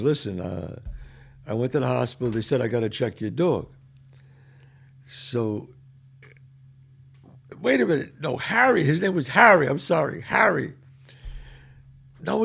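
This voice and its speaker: An older man with a New York accent, telling neighborhood stories as a podcast host in a casual, animated way. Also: medium pitch, creaky. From the Bronx, New York. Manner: animated, loud when quoting, trails off quietly. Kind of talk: casual storytelling.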